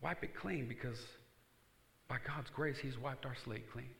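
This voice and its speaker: Animated preacher with a bright, cutting tone who reads scripture aloud and gets the room to call back. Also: male voice, medium pitch, measured pace, gravelly, reverberant. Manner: animated, swings from quiet asides to loud emphatic outbursts; reads scripture aloud and calls on the congregation to respond. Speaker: pastor. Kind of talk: sermon.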